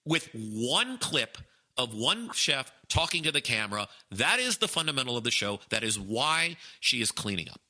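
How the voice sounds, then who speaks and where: A man co-hosting a podcast, talking in an excitable, emphatic way and often restarting his phrases. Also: medium pitch, normal speed. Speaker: podcast co-host. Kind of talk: casual chat.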